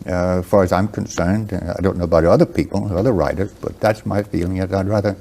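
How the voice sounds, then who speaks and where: A man in his seventies with a Southern American accent, a guest writer speaking slowly and haltingly in an interview, with many pauses and restarts. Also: sits low, fairly even intonation, warm tone. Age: 70s.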